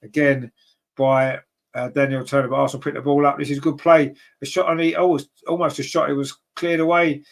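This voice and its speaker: A man with a fairly high voice doing live fan commentary on a football match. He sounds partisan, grumbling about the manager's choices. His voice shoots up whenever a chance comes. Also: flat delivery, brisk, creaky. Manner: partisan, rises sharply in pitch and volume at chances; grumbles at team choices and reads viewer comments aloud. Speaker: fan commentator and channel host.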